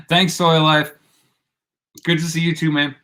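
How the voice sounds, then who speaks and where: A man's voice: on the high side, sharp tone. Laid-back man hosting a live chat. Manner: laid-back, laughing often, rambling. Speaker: livestream host. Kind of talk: casual live stream chat.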